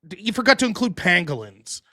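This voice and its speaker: A man hosting a podcast in casual chat, reading viewer messages and joking around. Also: sits high. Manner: animated, joking, quick to laugh. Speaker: podcast host reading super chats.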